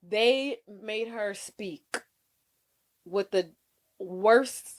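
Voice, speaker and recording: A woman's voice: mid-range voice, very slow. A woman co-hosting a movie podcast in casual chat, blunt and swearing freely. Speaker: podcast co-host.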